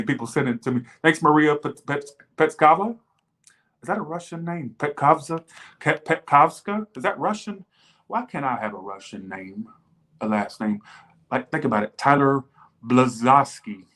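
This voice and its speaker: A man's voice: mid-range voice, a bit bright. Guy doing tarot readings, swears a lot, blunt and chatty, talks back to made-up viewers. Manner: blunt, profane, jumps into mocking imagined viewers. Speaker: tarot reader. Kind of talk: casual tarot reading livestream.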